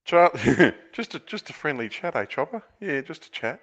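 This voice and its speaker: Teasing host, lively pitch. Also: male voice, normal speed, muffled recording. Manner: teasing, reads out viewers' comments. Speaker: livestream host. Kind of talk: casual livestream chat.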